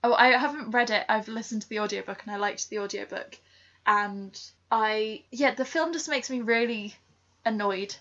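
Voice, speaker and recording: A frank young woman, co-hosting a casual book podcast. Her higher voice comes through a dull, lo-fi recording, and she talks quickly and bluntly. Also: fairly bright tone. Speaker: podcast co-host. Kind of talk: casual book club chat. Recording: dull lo-fi sound.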